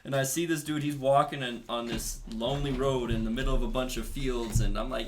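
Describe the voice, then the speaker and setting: Bright-voiced young man spinning a yarn. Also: medium pitch, a little fast, a little hiss or hum. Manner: loose storyteller, laughs often. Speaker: podcast guest. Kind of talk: casual comedy podcast banter.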